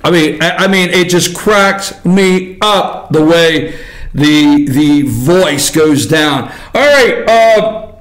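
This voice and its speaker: High-voiced man ranting political commentary. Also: lively intonation, extremely slow. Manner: ranting, combative, swings between shouting and muttering. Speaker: host.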